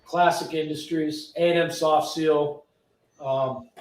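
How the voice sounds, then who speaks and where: A man's voice: fairly high pitch, steady tone, takes it slowly, slight background noise. Joking man answering viewers in a garage. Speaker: shop owner hosting a live stream. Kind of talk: casual live-stream chat. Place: car restoration garage. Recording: roomy echo from a distance.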